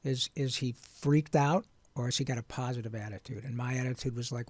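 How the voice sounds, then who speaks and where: A man, a voice actor, telling his story in an interview in an earnest, animated and frank way. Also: mid-range voice, fairly quick, no echo. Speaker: guest voice actor.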